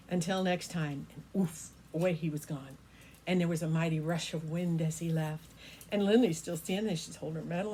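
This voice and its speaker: An older woman telling an improvised bedtime story, gentle and folksy, with homey fillers as she goes along. Her voice sits on the low side for a woman, and a faint hum of background noise lies under it. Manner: gentle, folksy, with fillers like "kinda" and "you know". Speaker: grandmother storyteller.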